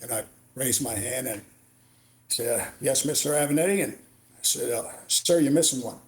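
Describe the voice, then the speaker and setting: A middle-aged man tells war stories as a podcast guest, in the clipped style of a retired Marine officer. He acts out the back-and-forth of each exchange, and his voice sits at an ordinary pitch for a man. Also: normal speed. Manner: animated war storyteller, acts out dialogue. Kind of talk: storytelling interview.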